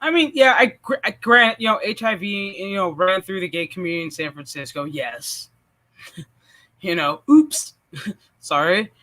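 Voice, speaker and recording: A man hosting a casual stream chat, animated and profane, laughing often as he talks. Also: sits high, normal speed. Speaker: channel host.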